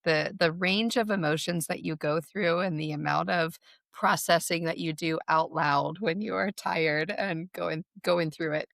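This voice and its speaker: A woman hosting a podcast, asking thoughtful, measured interview questions. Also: sits low, vocal fry, a bit bright, no echo, studio quality. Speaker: podcast host.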